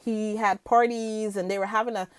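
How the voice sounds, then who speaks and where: A woman's voice: medium pitch, steady tone, normal speed, clean tone, no echo. A woman vlogger chatting casually to her viewers about the news, giggling often and filling her talk with ums. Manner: chatty, giggly, lots of fillers.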